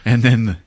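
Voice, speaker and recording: A man hosting a podcast, recapping a movie in a casual comic way, animated, laughing and swearing freely. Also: medium pitch. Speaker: podcast host.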